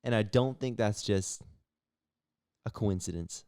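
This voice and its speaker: Laid-back deep-voiced young man. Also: a little slow, a little mellow, clear, resonant tone, no room sound, clean studio sound. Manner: laid-back, says "bro" a lot, hyped. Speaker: podcast co-host. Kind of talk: casual chat.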